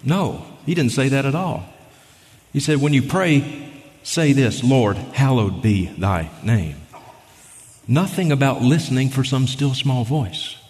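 A man's voice: medium pitch, unhurried, a little mellow. A man preaching a sermon in an emphatic, argumentative way, reading scripture aloud and pressing his points. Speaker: guest preacher. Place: church sanctuary. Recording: long reverb of a large hall.

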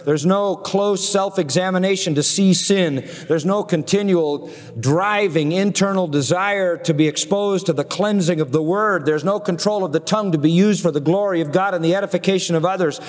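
A man's voice: sits high, moderate pace, hardly any pauses. Emphatic man preaching in a reverberant hall. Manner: emphatic preaching with rhetorical questions. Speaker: pastor. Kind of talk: sermon.

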